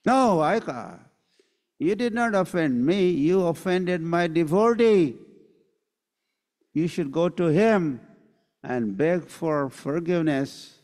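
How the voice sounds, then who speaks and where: A man's voice: a little high, lively intonation, takes it slowly, long pauses, a little mellow, pitched above the performer's own voice. A man voicing a stern, firm male god. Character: stern male deity defending his devotee. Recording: long hall reverb.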